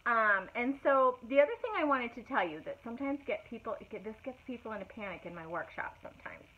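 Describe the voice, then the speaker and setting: A woman's voice: a little high, expressive, quick pace, breathy edge. A middle-aged woman, chatting casually as she demonstrates furniture painting on a live stream, full of fillers and greetings. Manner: chatty, many fillers, greets viewers by name. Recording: tinny phone-like audio with faint noise.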